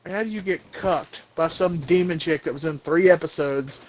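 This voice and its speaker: Casting: young male podcast co-host, high voice, profane ranter, faint background hiss. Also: moderate pace, low-quality recording. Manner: ranting, profane, animated. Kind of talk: casual chat.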